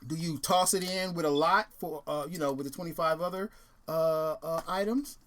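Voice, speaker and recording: A man's voice: on the high side, moderate pace, a bit bright. A man hosting a casual video and talking in a rambling, laid-back way, full of fillers and restarts. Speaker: host.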